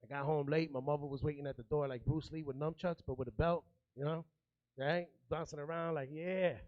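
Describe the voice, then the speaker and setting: Stand-up comic, male, thirties, from New York, high voice, chatty, riffs with the crowd. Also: steady tone, brisk, no echo, narrow, tinny audio. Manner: streetwise, loose, chatty, working the crowd. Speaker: stand-up comedian. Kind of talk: stand-up comedy set.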